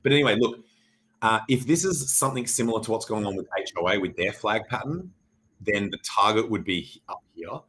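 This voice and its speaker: A man's voice: on the low side, animated, a little fast, fairly bright tone, slight background noise, low-quality recording. An Australian man hosting a livestream, talking through crypto charts in a rambling, jokey and profane way. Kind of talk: casual livestream chart commentary.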